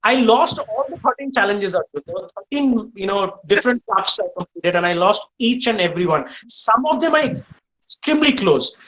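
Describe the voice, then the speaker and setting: A middle-aged man with an Indian English accent speaks as a guest chef to a class of students. He tells his stories in an animated way, breaking often with uh and restarts. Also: high voice, moderate pace, low-quality recording. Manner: animated, frequent uh fillers, lively storytelling. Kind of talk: storytelling in a live online session.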